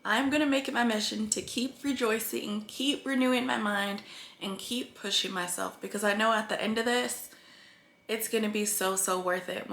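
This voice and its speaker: Woman vlogger, bright voice, earnest and rambling, echoey room. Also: medium pitch, vocal fry. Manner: earnest, rambling, tearful at times. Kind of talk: emotional weight-loss vlog.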